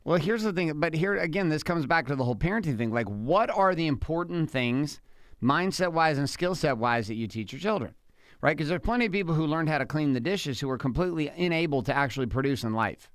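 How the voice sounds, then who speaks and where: A man's voice: fairly high pitch, animated, fairly quick, no echo, clean studio sound. A middle-aged man co-hosting a podcast, talking casually and emphatically with his wife, repeating his points. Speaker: podcast co-host.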